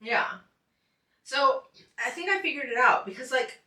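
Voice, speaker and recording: A woman's voice: high-pitched, animated, normal speed, sharp tone, recorded from a distance. Chatty woman host in an echoey room. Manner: chatty, upbeat, laughs often. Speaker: show host. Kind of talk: casual chat. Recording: echoey room, a little off mic.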